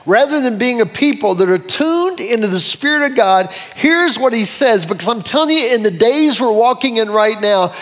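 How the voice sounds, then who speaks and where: A man preaching with animation and a fairly high voice, swinging his pitch up and down as he quotes scripture. His words ring out with a long reverb, as in a large hall. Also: a bit bright. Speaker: pastor. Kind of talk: sermon.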